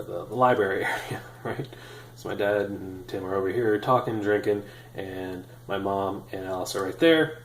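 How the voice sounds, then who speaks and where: A man in his thirties telling a personal story in a casual, animated, self-deprecating way with many fillers. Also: lowish voice, roomy sound, slight background noise, low-quality recording. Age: 30s. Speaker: vlogger.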